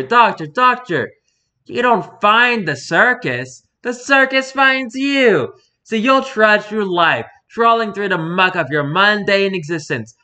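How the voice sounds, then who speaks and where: A man's voice: high-pitched, sharp tone. A man doing a sarcastic rambling circus performer. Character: mocking talkative male circus performer. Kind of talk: reading an interview aloud in character.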